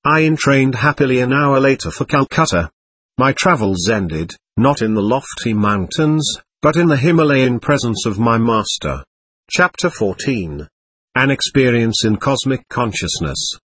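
A man narrating an audiobook in a measured, earnest reading. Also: mid-range voice, expressive, fairly bright tone, husky, no room sound. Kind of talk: scripted narration.

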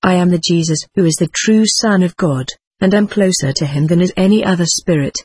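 A reader voicing Jesus as a solemn male spirit who speaks with authority, reading channeled spirit letters aloud in a steady, formal, measured way. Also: mid-range voice, breathy edge, no room sound, close to an everyday voice.

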